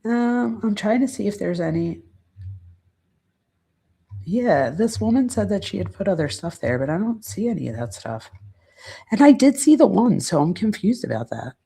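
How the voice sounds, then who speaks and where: A woman hosting a true crime channel, casually reading out quotes and commenting, pausing now and then to search her notes. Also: mid-range voice, big pitch swings, vocal fry, warm tone, slightly rough.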